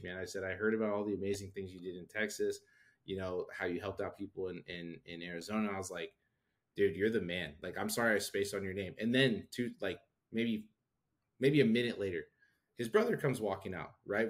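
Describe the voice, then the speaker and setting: A man in his thirties, co-hosting a podcast, telling a story in a casual, animated way and acting out the people he quotes. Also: sits low, fairly quick. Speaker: podcast co-host. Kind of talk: casual chat.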